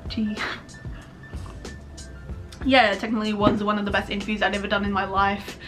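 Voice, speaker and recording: A woman's voice: mid-range voice, little pitch movement, normal speed, music in the background. A young adult woman vlogging candidly about her life, rambling and swearing casually. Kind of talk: candid personal vlog talk.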